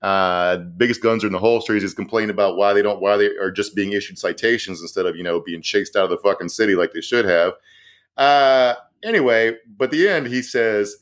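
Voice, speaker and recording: A man co-hosting a casual comedy news show, talking fast with profane jokes and laughing asides. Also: on the low side. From American South. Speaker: co-host.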